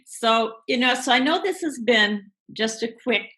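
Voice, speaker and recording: A woman speaking as a guest coach in a live online interview, explaining in a relaxed way with many fillers. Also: fairly high pitch, measured pace, rough recording.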